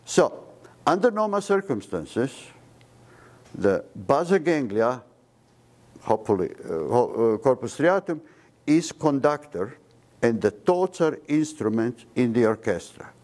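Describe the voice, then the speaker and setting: A man's voice: mid-range voice, a little slow. Emphatic man lecturing on medicine. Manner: animated lecturer, drops articles, leans on key words. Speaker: physician giving a seminar talk. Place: seminar room before an audience.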